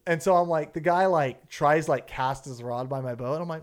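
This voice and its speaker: A young man who works as a fishing guide, telling a story in casual podcast talk, animated and swearing freely. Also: a little high, normal speed. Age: young adult. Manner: animated, swears often, acts out quotes.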